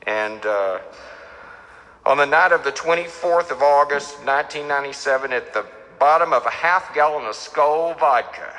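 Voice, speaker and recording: A man's voice: medium pitch, normal speed, pushed and bright. Man telling his story in a hall. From Texas. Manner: storytelling, repeats phrases, acts out quoted people. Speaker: recovery speaker. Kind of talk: talk at a recovery meeting. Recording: echoey hall.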